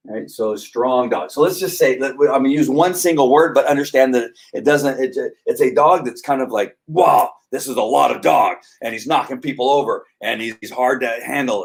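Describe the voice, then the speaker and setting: Animated middle-aged man teaching casually. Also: medium pitch. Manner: animated, acts out dogs and people in quick voices. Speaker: dog trainer.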